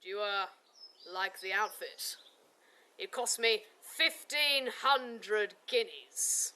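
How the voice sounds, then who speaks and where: A woman's voice: mid-range voice, takes it slowly, pushed and bright. A woman voicing a vain, arrogant male knight who boasts breezily in a told story. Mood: boastful.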